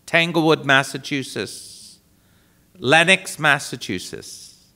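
Male priest speaker, bright voice, slow and lively storytelling. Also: fairly high pitch. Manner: animated anecdotal storyteller. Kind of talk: storytelling talk to an audience.

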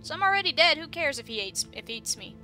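A woman's voice: high-pitched, sing-song, fast, sharp tone, faint music behind. A young woman giving casual, chatty commentary while playing a horror game, with laughing asides. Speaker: gamer. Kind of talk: casual let's-play commentary.

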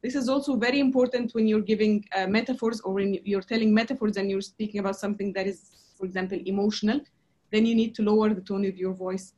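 A woman teaching presentation skills in a lecture, talking in a halting way with many fillers and restarts. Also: medium pitch, steady tone, dark tone, muffled recording. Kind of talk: lecture to a class.

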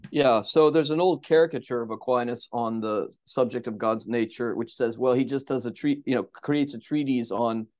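A man speaks as a podcast guest with a mid-pitched voice, explaining in a steady, lecturing way. His answers unfold at length and carefully. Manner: measured, explanatory, lecturing cadence. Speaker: theologian guest.

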